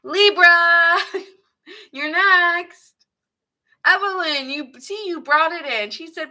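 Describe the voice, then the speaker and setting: A woman's voice: very high-pitched, slow, pushed and bright. A woman giving a casual live tarot reading, chatting and reacting to viewers' comments and laughing often. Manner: laughs often, muses aloud. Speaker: tarot reader.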